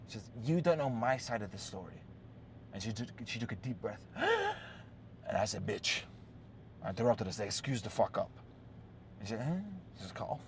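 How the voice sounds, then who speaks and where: A man's voice: mid-range voice, a little hiss or hum. A man hosting a relationship-advice talk, telling a story in a blunt, profane, casual way and often checking in with "yes?" and "right?".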